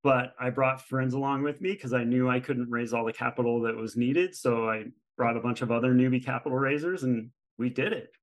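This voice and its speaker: A middle-aged man, a guest on a podcast, telling an animated story in casual conversation and acting out the people he quotes. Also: medium pitch, a little fast, hardly any pauses, rough recording. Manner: animated storyteller who acts out quoted exchanges. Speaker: guest, real estate fund manager.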